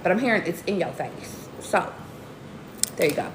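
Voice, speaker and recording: A woman giving a casual live tarot reading to her viewers, slangy and animated, often jumping into high excited exclamations. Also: normal speed. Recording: roomy echo with faint background noise.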